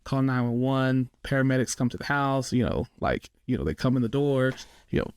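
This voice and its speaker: A man's voice: mid-range voice, a little fast, darkish tone, clear, resonant tone, no echo. Rambling man telling a story, dry sound. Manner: rambling, lots of "like" and "you know". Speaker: podcast guest. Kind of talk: casual storytelling.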